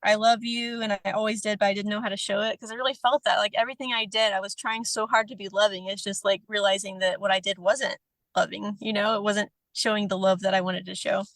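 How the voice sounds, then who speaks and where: A woman's voice: medium pitch, level tone, fast, a bit bright, dry recording. A woman reading aloud a tender personal letter as a podcast guest, emotional and often laughing, then chatting casually.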